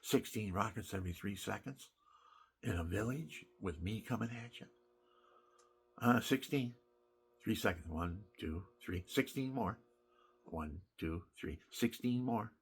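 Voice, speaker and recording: A man's voice: fairly low pitch, expressive, a little slow, slight background noise. An older man, a military veteran, telling war stories in a rambling, emphatic spoken monologue that wanders and restarts.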